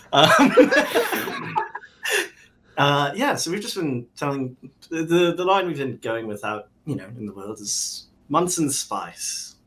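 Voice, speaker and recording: Laid-back man with a lively pitch. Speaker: player. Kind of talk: casual tabletop play.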